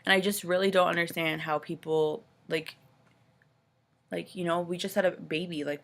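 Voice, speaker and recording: Woman, creaky voice, casual vlog storytelling, rambling with fillers, exasperated. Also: lowish voice, a bit bright. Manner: rambling, full of "like" and "you know"; upset and exasperated retelling. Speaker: new mother telling her story.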